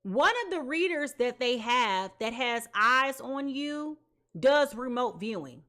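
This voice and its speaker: A woman's voice: sits high, lively intonation, slow, pushed and bright. A woman giving a live tarot reading, talking in an emphatic, repetitive way with casual slang. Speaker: tarot reader.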